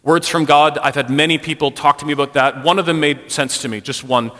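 A middle-aged man speaks to a church congregation in a frank, conversational way, leaning on casual "like"s. His voice is bright and forceful. It carries a long reverb from the hall around him. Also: on the high side, steady tone, a little fast. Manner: conversational, frank, personal, uses "like" often. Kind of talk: candid church talk on mental health. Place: church sanctuary.

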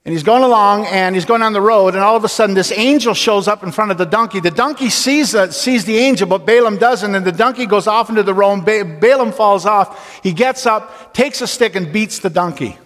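A man preaching a sermon, telling a story casually and then slowing down and dropping low to stress his point. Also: a bit bright. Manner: storytelling, slows and drops low for emphasis. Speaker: pastor. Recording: long reverb of a large hall.

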